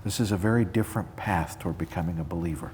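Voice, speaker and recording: A male interviewer with a low voice calmly sums up what he has heard before asking his question. His voice echoes as if in a hall, with faint noise behind him. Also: quick pace.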